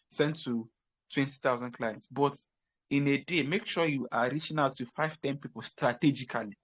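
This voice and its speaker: A man's voice: mid-range voice, normal speed, a bit bright, dry recording. A man from Africa giving casual, emphatic career advice on crypto work. He repeats key points and often restarts his sentences. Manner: repetitive, emphatic, frequent restarts.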